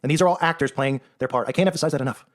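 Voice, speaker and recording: Very fast-talking sarcastic man. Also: a little high. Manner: sarcastic, emphatic, keeps asking "right?". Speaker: online commentator. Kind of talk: rapid-fire monologue commentary.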